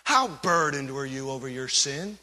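Bright-voiced preacher in a big hall. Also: male voice, mid-range voice, animated, moderate pace. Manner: preaching with swings from loud emphasis to hushed earnest tones. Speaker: pastor. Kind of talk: sermon.

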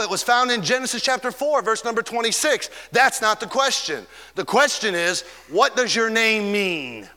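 A man preaching a fervent sermon, stretching key words and swinging between loud and soft. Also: sits high, in a large hall.

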